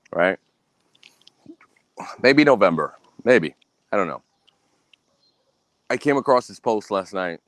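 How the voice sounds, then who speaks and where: A man's voice: fairly bright tone, no room sound. Brash male podcast host, swears nonstop, voice swings up and down, dry close mic. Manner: angry, boastful, heavy cursing, repeats himself; mimics others in a high voice. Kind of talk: profane solo podcast rant.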